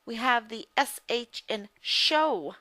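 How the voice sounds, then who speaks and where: A woman teaching reading in a slow, measured way. Her voice is bright and crisp and sits a little high, and it is recorded close and dry. She repeats each word carefully so learners can follow. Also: expressive, no room sound. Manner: slow, deliberate, repeats words for drill. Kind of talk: scripted phonics lesson.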